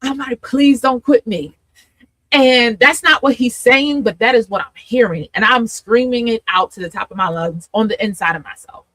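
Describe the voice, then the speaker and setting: A woman's voice: fairly high pitch, moderate pace, few pauses, sharp tone, no echo, rough recording. A woman hosting a live talk, telling her story with feeling, laughing often and acting out her past self. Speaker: host and coach. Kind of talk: candid testimony in a live conversation.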